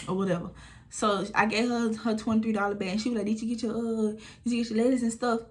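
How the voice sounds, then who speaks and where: Young woman, 20s, casual storytime vlogger, animated and blunt. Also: on the high side, quick pace. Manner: animated retelling, acting out quotes, frequent swearing.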